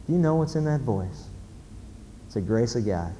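A man's voice: medium pitch, lively intonation, moderate pace, dark tone. Male pastor preaching, storytelling and emphatic, in a reverberant church hall with faint noise. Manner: storytelling, emphatic, asks the audience questions. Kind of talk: sermon.

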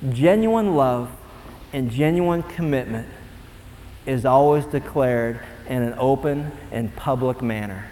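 A young man preaching a sermon, animated and swinging from low, quiet asides to loud, excited bursts. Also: slow, slight background noise. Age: young adult. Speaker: pastor. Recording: long hall reverb.

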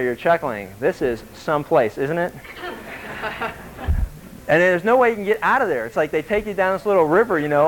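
A pastor preaches in a conversational, animated style, posing questions to the congregation and acting out quotes in changing voices. His voice is a little high, and the audio quality is poor.

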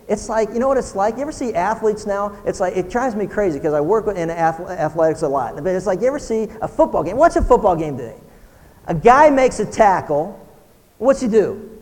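A man pastor preaching a sermon, building from quiet talk to loud shouting and firing rhetorical questions. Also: sits high, animated, a little fast, big-room sound.

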